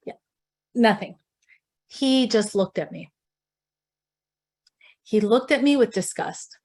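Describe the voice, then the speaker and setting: A woman with a fairly high voice runs an interactive workshop, firing questions at the room. She shifts into personal stories with animated, expressive delivery. She sounds middle-aged and at ease in front of a group. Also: slow pace. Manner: animated, questioning the audience, storytelling. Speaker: speaker leading a leadership workshop. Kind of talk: interactive talk to an audience.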